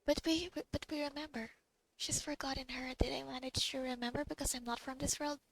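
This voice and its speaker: A young woman reacting to a game she is playing, excitable and expressive, swearing freely. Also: high-pitched, brisk, a little hiss or hum, low-quality recording. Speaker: game streamer. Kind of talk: gameplay reaction commentary. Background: game music.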